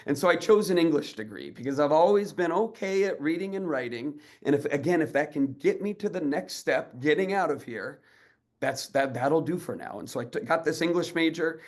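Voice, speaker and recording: A man's voice: fairly high pitch, animated, fairly quick. A man in his thirties, an educator giving a storytelling talk, acting out the voices of people in his story with energy. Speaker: educator and speaker.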